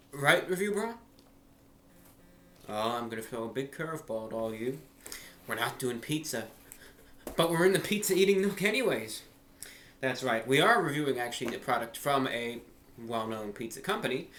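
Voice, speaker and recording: A man hosting a casual food review in a measured, formal way, a little out of breath. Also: medium pitch, a bit bright, slight background noise. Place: small eating nook indoors. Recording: echoey room with faint ambience.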